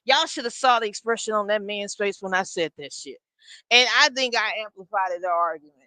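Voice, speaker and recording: A woman telling a story in a blunt, animated way. She swears freely and talks straight to her listeners as y'all. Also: mid-range voice, fairly quick, no echo, low-quality recording. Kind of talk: casual storytime.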